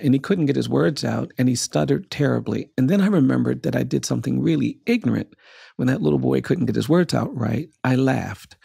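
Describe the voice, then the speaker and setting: A man guests on a podcast and shares a personal story in a rough, gravelly voice with a husky grain, medium pitch and a dark tone. He is earnest and measured, stacking repeated phrases to build emphasis. The recording is close and dry, with no echo.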